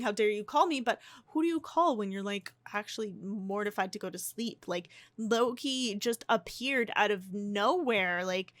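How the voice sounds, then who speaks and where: A woman's voice: medium pitch, fairly bright tone, no echo. A young woman giving casual, chatty gameplay commentary, often restarting and gasping. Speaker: life-sim gameplay narrator. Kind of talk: casual let's-play commentary.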